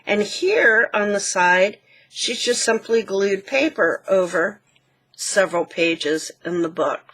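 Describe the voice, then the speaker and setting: A woman hosting a craft channel, gently walking through a handmade book page by page and pointing out details. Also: medium pitch, animated, takes it slowly. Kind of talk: casual show-and-tell walkthrough.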